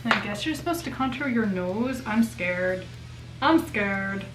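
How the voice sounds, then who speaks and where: A woman's voice: mid-range voice, animated, unhurried, over music. Playful young woman in a roomy echo. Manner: playful, self-mocking. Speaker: makeup vlogger. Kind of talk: casual chat. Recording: roomy echo, mic at a distance.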